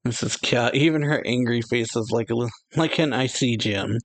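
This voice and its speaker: A man hosting a reaction channel, casually reading a manga chapter aloud in a relaxed, halting way full of "yeah" fillers. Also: medium pitch, no room sound. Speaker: anime reaction channel host.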